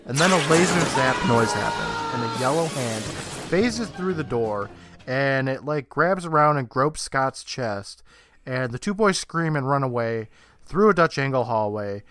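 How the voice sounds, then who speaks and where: A man co-hosting a podcast, casually recapping a TV episode with frequent laughter, swearing and quick impressions of the characters. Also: mid-range voice, expressive, fairly bright tone, faint music behind. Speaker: podcast co-host.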